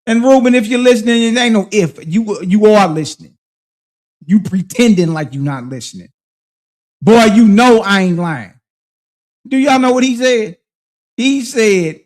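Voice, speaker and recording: A man's voice: high voice, animated, unhurried, darkish tone. A man hosting a livestream, preaching and confronting his critics in heated, slang-heavy commentary. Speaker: livestream host.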